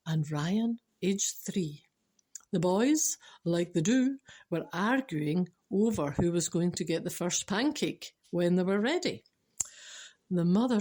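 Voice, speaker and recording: A woman's voice: mid-range voice, dark tone. Scottish woman, casual joke teller, dry wit, chatty and informal. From Scotland. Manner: chatty, dry wit, restarts and laughs at herself. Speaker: storyteller and speaker.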